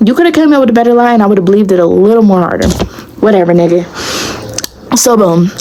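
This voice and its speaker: A young woman telling a storytime to her viewers in a casual, blunt, profane and animated way. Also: medium pitch, quick pace, a little hiss or hum, rough recording. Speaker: vlogger.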